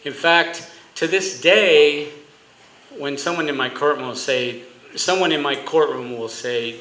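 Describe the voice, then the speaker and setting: A man telling stories at a roast with comic timing and deadpan asides. His voice is bright and forceful, and it echoes around a roomy hall over a faint murmur of ambience. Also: medium pitch, normal speed, a little hiss or hum. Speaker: judge giving a roast speech. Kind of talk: humorous roast speech.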